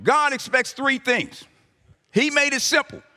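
A man's voice: extremely high pitch, unhurried, bright, forceful tone. A man preaching a sermon, talking to the congregation conversationally with emphatic rising calls. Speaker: pastor. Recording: live sermon in a reverberant hall.

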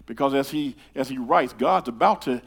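An older man preaching a sermon in a church, talking to the congregation in a conversational way, with stammered repeated starts that swing from hushed to loud. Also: medium pitch, normal speed, vocal fry, slightly rough. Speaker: pastor. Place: church sanctuary.

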